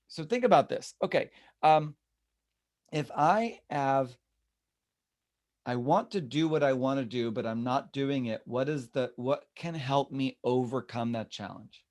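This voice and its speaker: A man's voice: medium pitch, measured pace. A man leading a real estate team meeting, talking animatedly and acting out the people he quotes. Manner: animated, acts out quoted voices.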